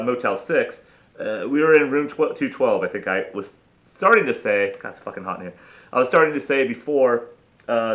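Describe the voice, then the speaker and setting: A man's voice: medium pitch, a bit bright. Casual profane vlog guy, middle-aged, rambles and cuts himself off mid sentence. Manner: profane, ranting, self-interrupting. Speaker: travel vlogger.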